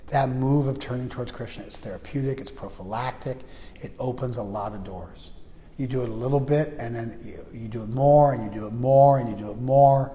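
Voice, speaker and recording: A man giving a spiritual lecture to a class, animated, swinging between quiet and loud, often checking in with "you follow?". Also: medium pitch, brisk, in a large hall. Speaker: spiritual teacher. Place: class room in a temple.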